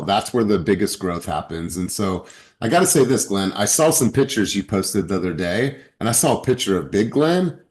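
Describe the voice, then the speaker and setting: Man hosting a call, lowish voice, upbeat pep-talk energy, on a video call. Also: expressive, normal speed, a little mellow. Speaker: group call host. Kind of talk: motivational group video call.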